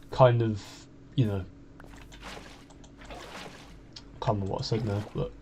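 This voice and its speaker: A man's voice: medium pitch, dark tone, a little hiss or hum. Rambling young man with a West Midlands accent. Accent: West Midlands English. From Wolverhampton, England. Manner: rambling and hesitant, with frequent restarts. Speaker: YouTuber. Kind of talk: casual confessional monologue.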